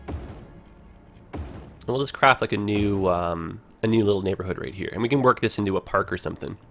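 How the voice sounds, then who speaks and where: A man's voice: lowish voice, normal speed, fairly bright tone, faint music behind. A man with a Toronto Canadian accent, chatting casually over his gameplay as a livestreamer and filling his talk with "like" and "you know".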